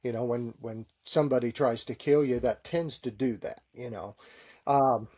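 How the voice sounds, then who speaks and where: A man's voice: medium pitch, fairly even intonation, moderate pace, warm tone. A middle-aged man who is a Navy chaplain, answering interview questions with easy, good-humored stories.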